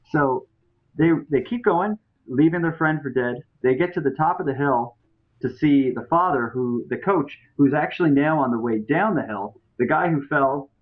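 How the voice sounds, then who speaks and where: A man hosting a podcast, telling a story in a loose, chatty way with many fillers and restarts. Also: medium pitch. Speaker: podcast host. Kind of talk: casual storytelling. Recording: tinny phone-like audio.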